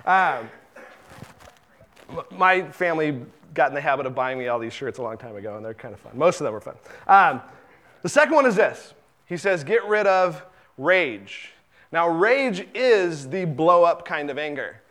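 A middle-aged man preaching a sermon in a relaxed, conversational way, often repeating words and acting out the lines he quotes. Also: a little high, normal speed. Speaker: pastor.

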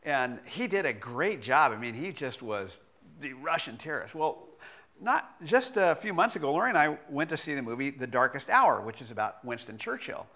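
A man's voice: fairly high pitch, pushed and bright. A middle-aged man preaching a sermon as pastor, self-deprecating, with laughter and frequent restarts.

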